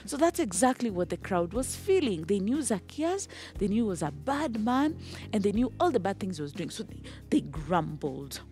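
A woman teaching a children's Bible lesson, telling the story with lively animation, breaking into song and checking in with "okay?". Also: mid-range voice, moderate pace, soft background music. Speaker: Sunday school teacher.

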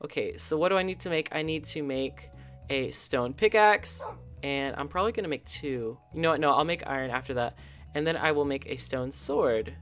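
A channel host giving casual, chatty commentary over a game, excitable and full of gasps and little coos. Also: medium pitch, moderate pace, faint music behind.

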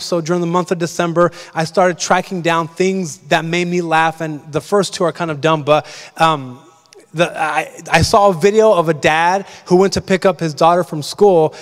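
A young man preaching a casual, story-driven sermon as pastor, full of fillers like "like" and "um". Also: high-pitched. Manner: chatty storytelling, lots of fillers. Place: large church. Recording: long reverb of a large church.

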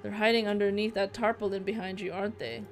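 A woman voicing a menacing male sea officer who delivers threats politely and in a measured way. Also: medium pitch, fairly even intonation, faint music behind, natural voice.

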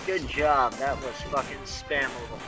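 A man's voice: medium pitch, steady tone, normal speed, over music. A man co-commentating a gameplay video with teasing, profane banter. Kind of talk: casual game commentary.

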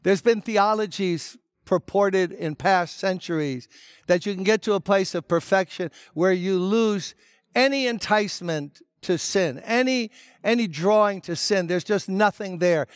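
A man's voice: high voice, measured pace, clear, resonant tone, dry recording, studio quality. An older man, a pastor, preaching an emphatic, conversational sermon full of rhetorical questions.

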